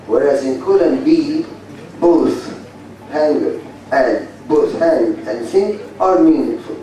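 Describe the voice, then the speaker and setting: Taking things slowly in a mellow, somewhat high voice, a man with an Egyptian Arabic accent lectures on phonetics to a university class. He is blunt, repeats points, and drills the students. The large hall is very echoey, picked up by a distant mic with faint hiss.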